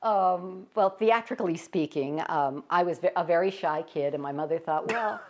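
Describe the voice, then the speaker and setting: A woman's voice: on the low side, moderate pace, a little mellow. An older woman, a stage performer, telling stories in a casual interview and laughing often as she talks.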